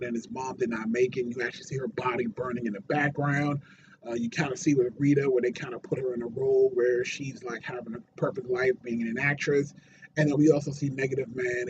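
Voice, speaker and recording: A man's voice: mid-range voice, muffled recording, background noise. A man casually reviewing a TV episode, rambling with fillers and restarts and getting worked up when he retells scenes. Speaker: TV show reviewer.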